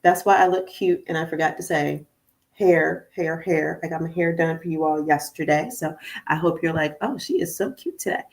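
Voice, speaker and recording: A woman's voice: low voice, flat delivery, moderate pace. A middle-aged woman hosting her own podcast as a conflict coach, talking casually and animatedly to listeners, calling them "y'all". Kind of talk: casual morning podcast monologue. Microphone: studio podcast microphone.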